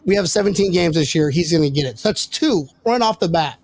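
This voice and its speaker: A man with a high, very animated voice and a gravelly edge hosts a sports podcast. He jokes and teases in excitable, casual banter, swinging his pitch up and down as he argues. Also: quick pace. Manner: joking, excitable, teasing. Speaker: podcast host.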